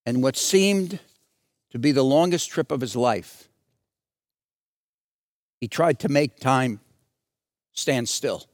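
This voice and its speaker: A man preaching a sermon, telling a story dramatically and swinging from soft, low passages to loud, raised ones. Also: slow pace, pauses often, no room sound, studio quality. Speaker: pastor.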